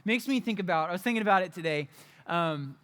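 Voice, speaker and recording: A man's voice: high-pitched, lively intonation, quick pace, fairly bright tone. A young adult man preaching a candid, conversational sermon as a youth pastor, often repeating and restarting his phrases.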